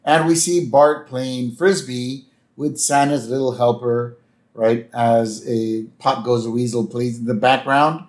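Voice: mid-range voice, unhurried. A podcast co-host casually recapping a cartoon episode, often checking in with "right?". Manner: lively, keeps checking in with "right?".

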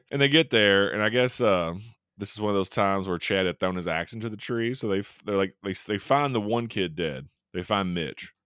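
A man co-hosting a casual movie review show, animated, acting out scenes with quick little voices. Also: lowish voice, clean tone, no room sound, clean studio sound. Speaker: podcast co-host.

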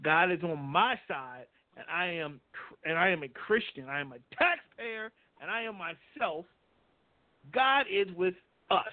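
A man's voice: high-pitched, expressive, unhurried, dry recording. A man hosting a radio show, chatting bluntly and reading entertainment news with frequent restarts. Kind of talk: casual entertainment news chat. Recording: phone-like line.

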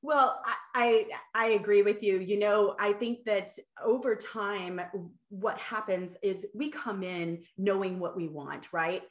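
A middle-aged woman speaking as a guest in an interview, animated and lively as she tells stories. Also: medium pitch, measured pace. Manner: animated, acts out quotes. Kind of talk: podcast interview conversation. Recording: roomy echo.

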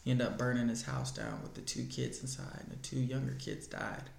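Man, gravelly voice, earnest personal testimony, echoey room. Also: medium pitch, wildly swooping pitch, brisk, darkish tone. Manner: earnest storytelling, acts out past conversations. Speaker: guest telling his life story.

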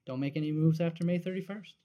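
A man's voice: a little high, steady tone, fast, mellow, lo-fi sound. A man co-hosting a casual podcast, speaking thoughtfully and often restarting his sentences. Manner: thoughtful, repeats words when starting sentences. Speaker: podcast co-host.

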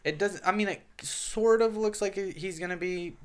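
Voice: medium pitch, moderate pace. A podcast host explaining things earnestly, with a hesitant, filler-heavy way of talking. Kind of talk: casual chat.

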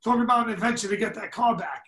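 Racing through his stories, a high-voiced man guesting on a podcast laughs, curses, and stays animated the whole way. The casual storytelling comes through an echoey room, far from the microphone.

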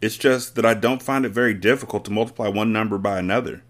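A man voicing a small, serious five-year-old girl who answers quietly and politely. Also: on the low side, fast talker, lightly acted.

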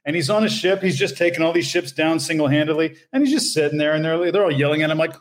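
A man voice actor on a convention panel, easygoing and rambling as he tells stories. His voice sits a touch high for a man. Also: fast talker, few pauses. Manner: laid-back, rambling anecdotes. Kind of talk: casual panel chat.

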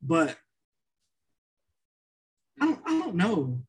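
A man's voice: fairly high pitch, huge pitch swings, extremely slow, husky, poor audio. A man co-hosting a podcast in casual chat, rambling with many restarts and fillers.

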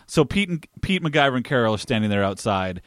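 A man's voice: medium pitch, fast talker, no echo, studio quality. Man casually recapping a TV episode. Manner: animated, acts out quoted lines. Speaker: podcast co-host.

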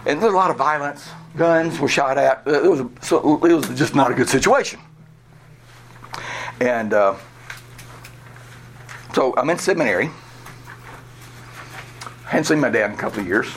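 A man's voice: mid-range voice, moderate pace, pauses often, a little hiss or hum. A man from Georgia, preaching a sermon through a candid personal story and chuckling at himself. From Georgia, USA. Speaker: pastor.

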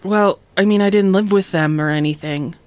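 An easygoing alien mother who sees herself as more of an aunt, hesitant and apologetic, leaning on fillers, as a player voices her in a tabletop game. The voice is mid-pitched and dry. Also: normal speed, darkish tone, dry recording, natural voice. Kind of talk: tabletop role-play.

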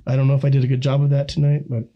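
A man's voice: medium pitch, completely flat delivery, very fast, mellow, highs cut off. Easygoing guest in his thirties, a teacher, rambling stories with a bit of swearing. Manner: laid-back storytelling, frequent swearing. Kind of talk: casual podcast chat.

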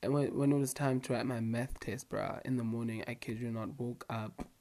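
A man's voice: medium pitch, flat delivery, moderate pace, dark tone. A young man telling a casual storytime to his viewers, slangy and rambling, full of asides and fillers. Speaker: vlogger.

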